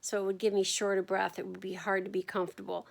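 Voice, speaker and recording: A woman sharing her experience in a casual video diary, talking to the camera at home in a tired, unhurried way with frequent ums and yawns. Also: mid-range voice, level tone, creaky. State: fatigued from chemotherapy. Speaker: vlogger sharing her chemotherapy journey.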